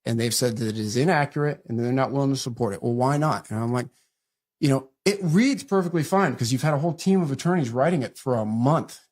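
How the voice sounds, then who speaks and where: A middle-aged man talks as a podcast guest, recounting events at a quick clip. He slips into the voices of the people he quotes, then drops back to plain storytelling. His pitch sits in an ordinary middle range for a man. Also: a little mellow. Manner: fast retelling that acts out quoted dialogue. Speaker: interview guest. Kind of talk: conversational storytelling interview.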